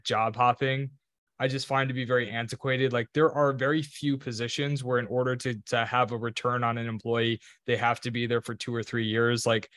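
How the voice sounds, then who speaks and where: Male podcast host, casual and chatty, mid pitch, dry close sound. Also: a bit bright, no echo. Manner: casual, lots of "like" fillers. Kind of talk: conversational interview.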